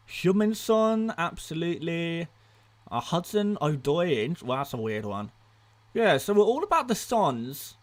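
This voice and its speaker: A young man answers viewer questions on a live stream at a quick clip, often tripping over and repeating words as he rushes through them. His voice sits a touch higher than most men's. He keeps things chatty and informal, talking straight to his chat. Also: a bit bright. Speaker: fantasy football streamer.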